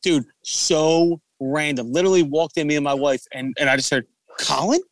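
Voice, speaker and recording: A man's voice: fairly high pitch, fairly even intonation, normal speed, dry recording. A man hosting a casual podcast chat, telling stories loosely with lots of swearing and laughter. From Philadelphia area. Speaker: podcast host.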